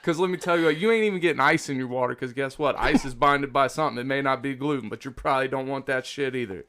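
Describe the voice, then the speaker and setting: A man's voice: mid-range voice, fast, sharp tone. A man hosting a casual podcast, ranting about pet peeves with lots of swearing and emphatic asides to the audience. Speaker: podcast host.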